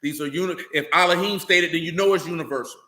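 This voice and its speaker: A man's voice: a little high, fast, pushed and bright, reverberant. A man giving an informal, streetwise sermon as a religious teacher, blunt and emphatic, full of slang.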